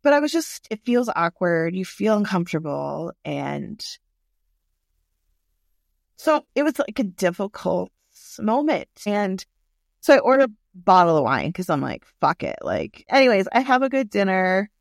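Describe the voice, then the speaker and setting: A woman with a gravelly, fry-tinged voice tells a personal story in a relaxed, candid way. She is animated and swears freely. The recording is dry and close, with no room echo. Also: medium pitch, a little slow.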